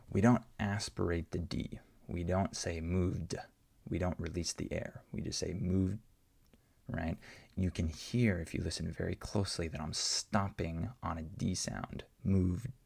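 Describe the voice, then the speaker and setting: With a deep, darkish, heavily gravelly voice edged with huskiness, a man explains English pronunciation in answer to learner questions. He patiently says example words again and again so each sound comes through.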